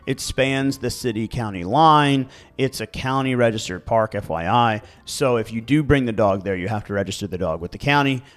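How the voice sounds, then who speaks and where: A man with a Baltimore accent co-hosting a casual podcast chat, animated and quick to act out voices. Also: mid-range voice. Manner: animated, acts out dog voices. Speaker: podcast co-host.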